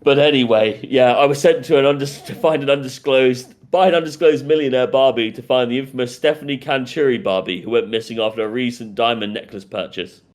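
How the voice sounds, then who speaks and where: A man voicing a hard-drinking female noir detective Barbie doll, gruff and secretive. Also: mid-range voice, steady tone, a little fast, hardly any pauses, natural voice.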